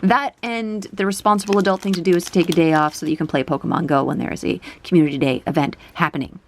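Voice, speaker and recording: A young woman chatting casually while unboxing trading cards, her voice jumping up into high squeals over the cute art. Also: steady tone, quick pace, a little hiss or hum. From country using kilograms. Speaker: card collector vlogger. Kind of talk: casual card unboxing chat.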